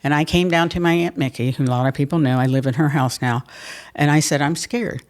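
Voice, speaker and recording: An older woman, telling stories from her life as a mayor in a lively, laughing way, often repeating words as she restarts. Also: low-pitched, fast. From Pennsylvania. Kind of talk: conversational storytelling interview.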